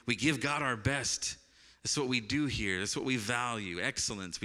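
A man preaching a sermon as pastor, telling a personal story with lively acted-out voices and then turning quiet and reverent. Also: on the low side, clean tone. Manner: animated storytelling, acts out voices, laughs often, turns quiet and reverent. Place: church sanctuary. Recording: echoey church hall.

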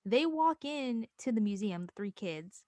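A young woman co-hosting a casual podcast chat, animated and acting out quotes in a high squeaky voice. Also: unhurried, dry recording. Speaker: podcast co-host.

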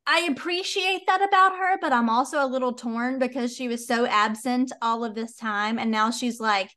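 A young woman in a loose book club chat, talking with a bright, ringing tone. She gets excited easily and swears freely. Her voice sits a little high. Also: moderate pace, few pauses. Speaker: podcast co-host.

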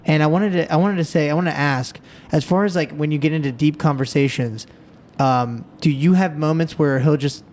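Male host, a bit high-pitched, halting questioner with many restarts. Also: a little mellow. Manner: halting, restarts often while asking. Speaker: podcast host. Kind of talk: interview questions.

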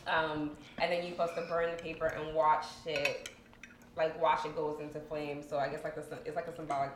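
A woman talks at a low pitch, telling a long story in a chatty, meandering way with plenty of ums. The room is echoey and there is clear background noise. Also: little pitch movement, brisk. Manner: chatty, meandering, many fillers. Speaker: co-host. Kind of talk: casual chat over dinner.

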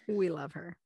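A young woman co-hosting a chatty podcast, telling funny stories in a giggly, animated way. Her voice sits in a middling register and sounds close and dry, with almost no room around it. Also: fairly low pitch, breathy edge, no room sound. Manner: giggly, animated storyteller acting out quotes. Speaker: podcast co-host. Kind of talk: casual chat, reading listener stories.

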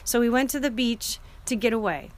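Woman, middle-aged, earnest and emotional, fairly high voice, casual storytelling. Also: lively intonation, a little fast. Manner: earnest, emotional, with frequent restarts.

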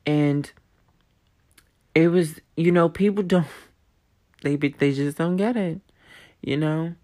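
A woman's voice: low voice, takes it slowly, dark tone. Blunt, profane young woman podcaster. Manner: blunt, profane and emphatic, repeating phrases for force. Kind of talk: candid personal storytelling.

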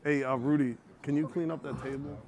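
A man's voice: on the high side, fairly even intonation, fairly quick, a little mellow, slight background noise. A man playing a judge in a mock courtroom comedy, presiding in a loose, offhand way.

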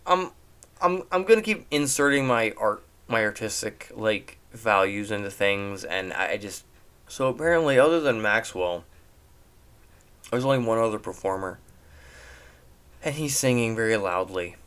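A young man giving a casual, rambling recap of a movie, animated and laughing at the jokes. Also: on the low side, moderate pace, clean tone.

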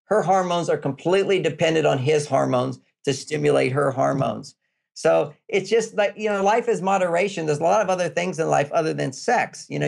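An older man speaks as an interview guest, laying out advice step by step and repeating his key points for emphasis. His voice sits a little high and carries a gravelly edge. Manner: explanatory, repetitive, emphatic. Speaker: relationship author, guest.

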